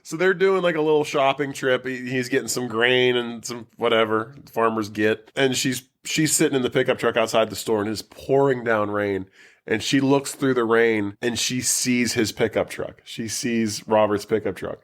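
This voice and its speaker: A man co-hosting a podcast, casually recapping a movie in an animated, profane way and laughing often. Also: medium pitch, normal speed. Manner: animated, profane, laughs a lot, acts out characters. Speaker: podcast co-host. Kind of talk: casual movie-review chat.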